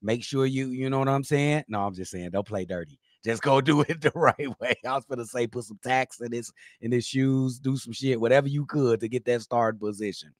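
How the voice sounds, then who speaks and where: A man's voice: medium pitch, fairly quick, few pauses, dry recording, studio quality. Laid-back joking podcast co-host, man. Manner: relaxed, joking, slangy. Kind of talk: casual podcast chat.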